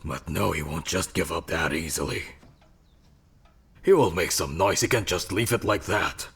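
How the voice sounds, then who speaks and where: A man's voice: low voice, normal speed, creaky, breathy edge, heavily acted. An actor dubbing a ruthless rich businessman father who gives curt, commanding orders. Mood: cold. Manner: curt, commanding, then shouting.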